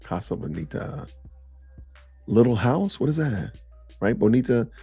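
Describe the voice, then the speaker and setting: A man's voice: medium pitch, expressive, measured pace, vocal fry, warm tone, breathy edge, no echo, soft background music. A middle-aged man hosting a casual live-stream podcast, chatting loosely and reacting to viewer comments. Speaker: podcast host.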